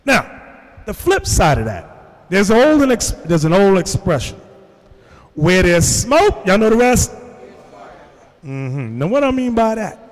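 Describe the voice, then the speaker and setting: A man's voice: high voice, a little slow, pauses often. A man preaching a sermon to a congregation, telling stories and acting out the voices of the people in them. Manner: animated storytelling, acts out voices. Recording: long hall reverb.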